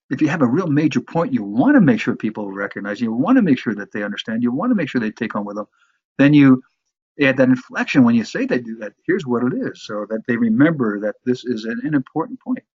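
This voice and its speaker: A man's voice: medium pitch, big pitch swings, a little fast, husky, dry recording, highs cut off. A man from the New York area teaching a course on sales presentations, talking in a conversational way with frequent restarts and repeated words. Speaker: course instructor. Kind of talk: instructional talk on sales presentations.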